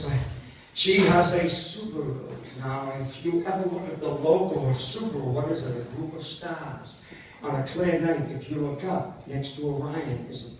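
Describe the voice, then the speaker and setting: An older man, joking and rambling through self-mocking stories for a party crowd. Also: on the high side. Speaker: party entertainer. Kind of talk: comic storytelling to a live party. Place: party hall. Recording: echoey hall from far off, noisy.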